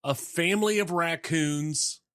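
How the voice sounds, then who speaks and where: Oklahoman male co-host, fairly high voice, relaxed, dry sound. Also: measured pace, no room sound. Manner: laid-back storytelling. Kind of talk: casual banter.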